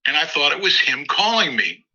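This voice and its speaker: A man with a very bright, forward voice tells stories in a rambling way, restarting his phrases often. He speaks as a musician guest in a casual interview. The sound is slightly dull and lo-fi. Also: fairly high pitch, sing-song, normal speed. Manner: rambling anecdotal, frequent restarts and acted quotes. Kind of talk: interview storytelling.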